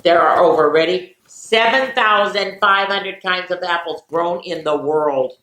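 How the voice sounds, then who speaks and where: An older woman, a retired teacher, reading picture books aloud to children in an animated way, with playful sound effects and chatty asides. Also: fairly low pitch, measured pace. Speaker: children's story reader. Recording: echoey room with faint noise.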